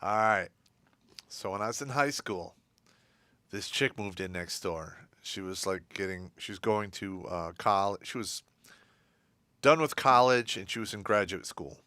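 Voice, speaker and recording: A bright, forward-voiced man holds the floor with a rowdy story on a livestream, laughing through his own punchlines. His voice is close and dry, with no room sound around it. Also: lowish voice, unhurried, no echo. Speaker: co-host. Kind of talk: casual livestream chat.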